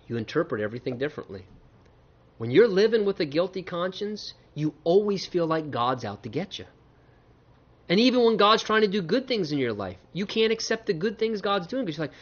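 A man preaching an expository sermon, reading scripture and acting out the characters' voices with lively animation. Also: high voice, brisk. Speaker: pastor. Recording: muffled lo-fi recording.

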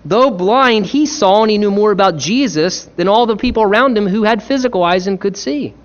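A man's voice: high-pitched, lively intonation, fairly quick, lo-fi sound. A man preaching a sermon in an earnest, emphatic way, acting out the quotes he tells.

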